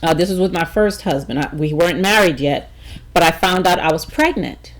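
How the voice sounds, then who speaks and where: Woman, middle-aged, vlog storytelling, lively swinging pitch, emphatic, checks in with the viewer. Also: fairly quick, low-quality recording. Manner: emphatic, animated storytelling with frequent restarts and "okay?" check-ins. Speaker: vlogger. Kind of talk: personal storytelling to camera.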